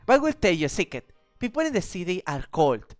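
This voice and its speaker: A woman voicing an elegant, vain city lady who is flattering and bossy, reading game dialogue aloud. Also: on the low side, fast talker, soft background music, pitched above the performer's own voice. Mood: gushing. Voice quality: prim, theatrical, gushing.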